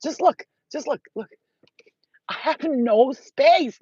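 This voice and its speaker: A woman's voice: high-pitched, unhurried, mellow, breathy edge, dry recording. A woman vlogger talking in a blunt, profane, rambling casual monologue. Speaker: spiritual vlogger. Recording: dull lo-fi audio.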